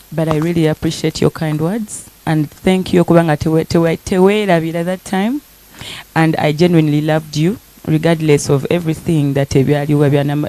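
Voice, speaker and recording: A young Ugandan woman speaking emotionally at a press conference, softly switching between English and Luganda and laughing often. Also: low voice, slight background noise. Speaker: singer thanking guests.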